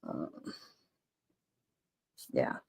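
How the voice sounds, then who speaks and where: A woman hosting a livestream, talking warmly and emotionally in a rambling way and reading chat comments aloud. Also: very slow. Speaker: livestream host. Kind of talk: casual livestream memorial talk.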